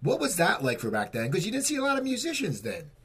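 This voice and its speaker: A man's voice: high-pitched, huge pitch swings, quick pace, a bit bright, slightly rough. A man hosting a radio interview, asking easygoing, conversational questions. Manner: easygoing, prompting.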